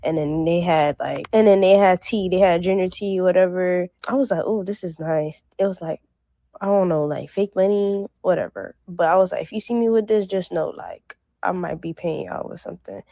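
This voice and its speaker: Young woman from north miami, excited slangy vlog ramble, dry close sound. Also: on the low side, moderate pace, no room sound. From North Miami area. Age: young adult. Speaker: vlogger. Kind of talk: casual shopping vlog.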